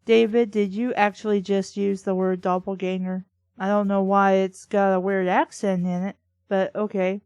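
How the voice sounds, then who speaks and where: A woman's voice: medium pitch, flat delivery, moderate pace, a little mellow, clean tone, no room sound, lightly acted. A woman voicing a blunt, sarcastic female police lieutenant while reading a novel aloud, her lines dry and curt.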